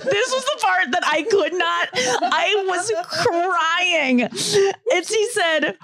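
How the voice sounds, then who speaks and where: A woman comedian chatting casually as a podcast guest, telling animated stories and laughing often as she talks. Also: very high voice, very slow, few pauses, no echo. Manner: animated storytelling, laughs often while talking.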